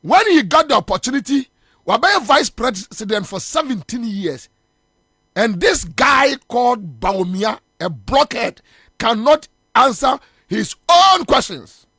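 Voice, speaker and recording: A man's voice: extremely high pitch, sing-song, unhurried, sharp tone, breathy edge, no room sound, studio quality. A Ghanaian man hosting a morning radio show, delivering combative political commentary and hammering his points with repetition. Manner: combative, scornful, repeats phrases for emphasis.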